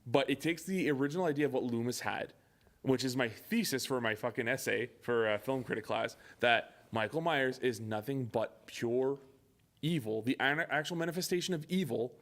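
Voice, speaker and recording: A man's voice: mid-range voice, moderate pace, fairly bright tone. A young man co-hosting a podcast in casual chat, swearing often and acting out movie lines. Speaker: podcast co-host.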